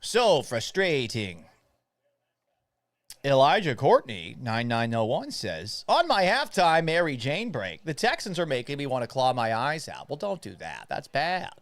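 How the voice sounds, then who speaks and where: A man in his thirties, raised in Florida, hosts a live watch party with loose, rambling commentary. He reads viewer messages and jumps back to the plays. His voice sits at an ordinary pitch and sounds dry and close. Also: wildly swooping pitch, unhurried, a bit bright, no room sound. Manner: rambling, reads viewer chat, play-by-play asides. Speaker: sports talk host.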